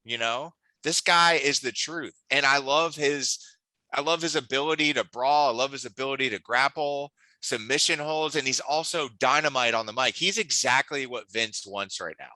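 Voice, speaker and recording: A man's voice: medium pitch, moderate pace, sharp tone, no room sound, poor audio. A man co-hosting a casual wrestling chat, enthusiastic and teasing, often restarting his sentences. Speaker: podcast co-host.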